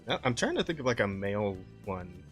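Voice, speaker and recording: A man's voice: on the low side, very animated, brisk, faint music behind. A young North American man co-hosting a podcast, joking and laughing often with crude humor. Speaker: podcast co-host. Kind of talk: casual podcast chat.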